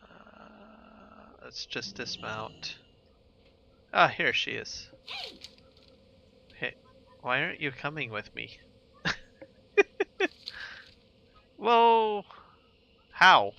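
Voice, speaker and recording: A man's voice: mid-range voice, expressive, drawn-out words, vocal fry, pauses often, bright, forceful tone, muffled recording. A man streaming a game live, chatting with viewers in a laid-back, rambling way while he plays. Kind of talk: casual live gameplay commentary.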